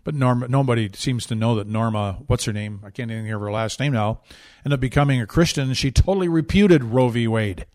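A man's voice: mid-range voice, brisk, a little mellow. A man hosting a political talk show, delivering sarcastic, indignant commentary with emphatic repetition and frequent restarts.

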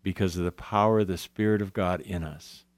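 A man's voice: low voice, steady tone, brisk, no room sound. A man earnestly telling his Christian testimony in a conversation, often quoting scripture. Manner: earnest, emotional, quotes scripture. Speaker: guest sharing testimony.

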